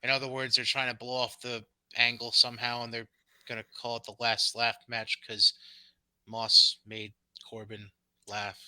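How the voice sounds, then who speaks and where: A man's voice: medium pitch, monotone, normal speed, sharp tone, clean tone, no room sound, rough recording. A man co-hosting a podcast, casually recapping wrestling shows with sarcastic, dismissive asides and frequent ums. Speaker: podcast co-host.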